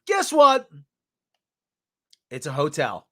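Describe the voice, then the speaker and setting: High, animated man ranting sarcastically. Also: takes it slowly. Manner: ranting, mocking. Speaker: podcast host. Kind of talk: sarcastic news commentary.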